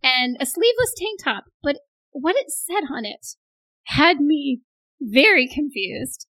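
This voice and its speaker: A woman's voice: high-pitched, animated, measured pace, fairly bright tone, no room sound, poor audio. A woman co-hosting a casual talk show, teasing her partner with mock sympathy and telling her own stories. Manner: playful, teasing, jokey sympathy. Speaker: podcast co-host. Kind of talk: casual chat.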